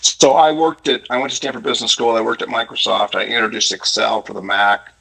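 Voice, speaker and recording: Man, panel guest, very low pitch, gravelly, husky, conversational. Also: steady tone, a little fast, sharp tone, poor audio. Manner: conversational, with many fillers. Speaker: panel guest, former tech executive. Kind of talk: casual panel talk.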